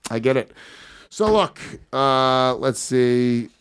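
A man's voice: medium pitch, takes it slowly, clear, resonant tone, no room sound. A man hosting a comedy podcast, talking brashly and crudely, teasing his cohosts with profanity. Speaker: podcast host.

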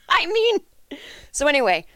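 A woman's voice: sits high, wildly swooping pitch, extremely slow, fairly bright tone, dry recording. A woman hosting a comedic podcast, ranting in a sarcastic, indignant and profane way. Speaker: podcast host. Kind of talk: comedic rant monologue.

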